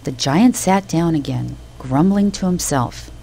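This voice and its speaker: A woman narrating a children's storybook in an expressive, animated way. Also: deep voice, measured pace, vocal fry, loud music behind the voice, rough recording.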